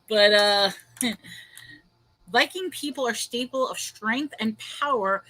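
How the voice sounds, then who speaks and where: Woman, host, casual livestream chat, bright tone, rambling, laughs a lot. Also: fairly high pitch, takes it slowly, no room sound. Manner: rambling, laughs often, reads viewer comments aloud.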